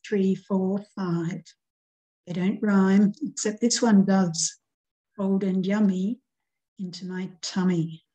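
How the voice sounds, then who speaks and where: Middle-aged lady teacher, slow and patient, soft mellow voice, counts stuff out step by step. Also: mid-range voice, poor audio. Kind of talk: recorded grammar lesson.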